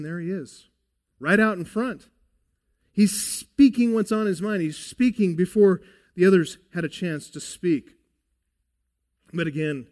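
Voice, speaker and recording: Male pastor, sermon delivery; slow and emphatic, fairly high voice, long hall reverb. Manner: deliberate, emphatic, addresses listeners as beloved.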